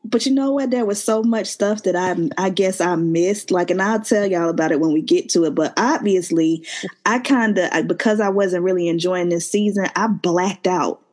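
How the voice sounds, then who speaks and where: A woman hosting a casual chat show over a call, laughing often and speaking in relaxed slang. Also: fairly low pitch, moderate pace. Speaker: podcast host.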